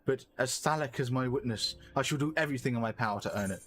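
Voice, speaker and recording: A man's voice: medium pitch, fast talker, fairly bright tone, faint music behind, close to an everyday voice. A man reading the lines of an earnest, formal young male elf leader, solemn and remorseful. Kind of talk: reading game dialogue aloud.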